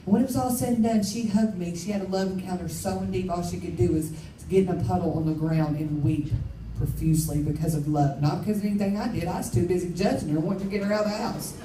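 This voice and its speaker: In a spacious conference hall, a woman with a fairly low voice delivers frank, forceful personal testimony, frequently chuckling at herself. She talks fast with hardly any pauses, sounds distant from the microphone, and background noise comes through.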